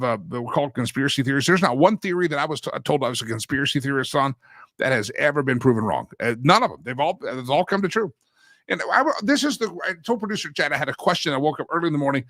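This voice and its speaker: A man's voice: on the high side, pushed and bright, no echo. A man hosting a talk show, chatting casually in a folksy manner and breaking into a sing-song catchphrase. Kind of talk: casual monologue.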